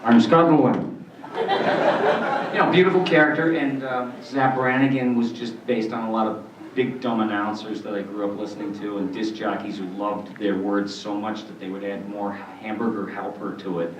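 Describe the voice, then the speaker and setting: A man in his sixties telling rambling, animated stories as a guest at a convention panel. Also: fairly low pitch, normal speed, crowd noise, noisy background. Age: 60s. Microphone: filmed from the audience. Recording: distant, roomy, muffled hall recording.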